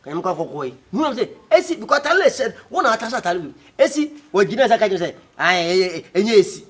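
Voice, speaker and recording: A comic actor with a Ghanaian accent bantering fast and teasingly in a comedy skit. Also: mid-range voice, sing-song. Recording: faint background noise.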